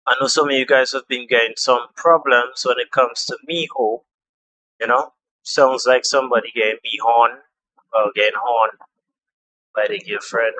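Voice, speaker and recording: A man's voice: mid-range voice, steady tone, normal speed, bright, forceful tone, poor audio. A young man walking viewers through a phone app in a casual, chatty tutorial, repeating steps and trailing off with fillers. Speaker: tutorial host.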